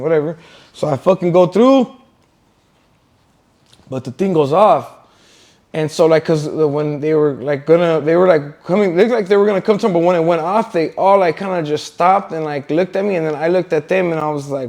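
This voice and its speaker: A man's voice: fairly high pitch, brisk, a little mellow. A man telling a story as an interview guest, rambling and swearing with many fillers. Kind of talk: casual storytelling.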